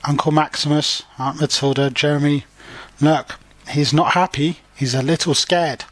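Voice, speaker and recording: A man's voice: a little high, steady tone, moderate pace, a bit bright. A man reading a children's picture book aloud for language learners and explaining it in simple words. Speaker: storybook reader and language teacher.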